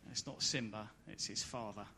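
A man preaching a sermon at a church service, building to loud emphatic peaks and then dropping soft and low. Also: fairly even intonation, fairly quick, a little hiss or hum.

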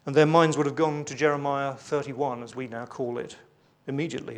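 A man's voice: mid-range voice, flat delivery, brisk, hardly any pauses. A man preaching a sermon, reading scripture aloud with emphasis between conversational asides with light humour.

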